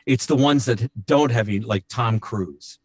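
A male voice actor in casual podcast chat, rambling with fillers and slipping into quick voice demos. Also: medium pitch, darkish tone, husky, no echo, studio quality. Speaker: voice actor and impressionist.

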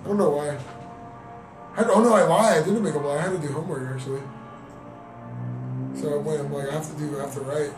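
A man's voice: a little high, quick pace, long pauses. A young man, telling a story in casual chat, slangy and swearing, switching between English and Spanish. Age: young adult. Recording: roomy distant mic with music. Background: music.

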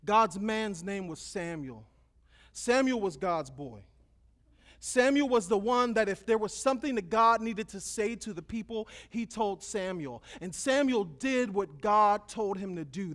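A man preaching to young people, retelling a story in a joking, slangy, animated way. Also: sits high. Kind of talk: casual storytelling sermon.

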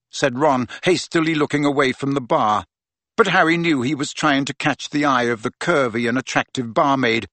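A man narrating an audiobook in an expressive reading voice. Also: fairly high pitch, no echo. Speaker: audiobook reader.

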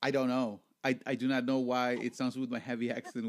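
A man hosting a casual podcast chat. He is jokey and animated, and he often repeats his words. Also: mid-range voice, moderate pace. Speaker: podcast host.

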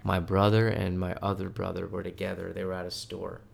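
Man, casual podcast co-host, very deep and gravelly, rambling profane storyteller. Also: monotone, fairly quick, slight background noise. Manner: loose, profane storytelling with bursts of loud joking. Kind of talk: casual chat.

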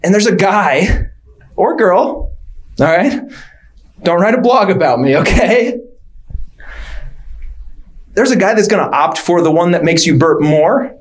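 A man doing stand-up with a high voice that leaps all over the place. He works the crowd with questions and builds his bits to exaggerated, shouted punchlines. He delivers each joke with the full swing of a club comic. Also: lively intonation, unhurried, pauses often. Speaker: stand-up comedian. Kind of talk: stand-up routine.

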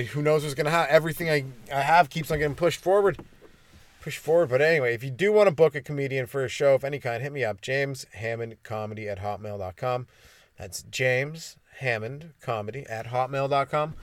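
A man who is a stand-up comedian, hosting his podcast in a rambling comedic monologue, stumbling over his words and mocking his own dark jokes. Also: medium pitch, dry recording. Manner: self-deprecating, stumbling and restarting, dark jokes.

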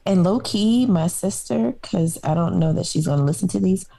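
A woman from Harlem, co-hosting a podcast in casual conversation, opinionated and quick to laugh. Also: fairly low pitch, creaky, a crowd in the background. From Harlem, New York. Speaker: podcast co-host. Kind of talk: casual chat.

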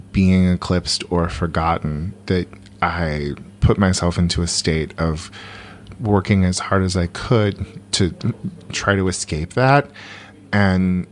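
Rambling, laughing man in his forties. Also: sits low. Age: 40s. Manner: rambling, many fillers and self-corrections, laughs often. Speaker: comedian guest. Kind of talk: casual conversational storytelling.

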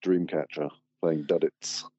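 A man guest on a podcast with a very deep voice, giving laid-back, short replies. His tone is mellow and dark. The recording is dry and a little dull. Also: steady tone, measured pace, dry recording. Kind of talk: casual chat.

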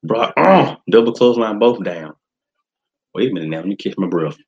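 A man hosting a podcast, giving casual, slangy commentary on wrestling as he watches. His talk jumps to high excited shouts. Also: moderate pace, husky, dull audio. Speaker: podcast host.

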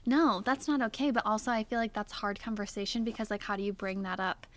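A young woman co-hosting a podcast, telling a story in casual chat with lots of "like"s. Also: fast. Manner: animated storyteller, many "like"s, voice jumps high when retelling her yelling. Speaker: podcast co-host.

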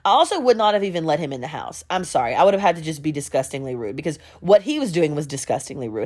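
A woman telling a story in casual chat, animated and joking, with exaggerated reactions. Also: low voice, a little fast, few pauses.

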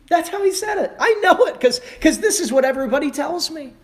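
A male pastor preaching a sermon emphatically, rising sharply in pitch and volume at his high points and mimicking other people sarcastically. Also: big pitch swings, brisk, hardly any pauses. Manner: emphatic preaching with wide swings in pitch and loudness; mocking voices of the world in sarcastic asides.

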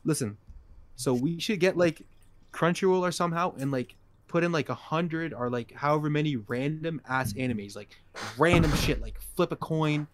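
A man's voice: fairly high pitch, moderate pace. A young man co-hosting a podcast, rambling in loose slangy casual chat. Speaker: podcast co-host.

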